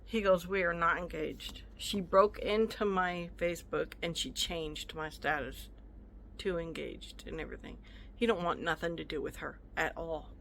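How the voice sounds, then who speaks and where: A woman vlogs a casual storytime rant with a bright, forceful edge to her voice. She retells an argument with indignation, acting out both sides. She rambles and breaks off to make side comments. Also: on the low side, normal speed, gravelly, slight background noise. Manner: indignant, animated retelling with acted-out quotes; rambling, stops mid-story to chat. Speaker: vlogger.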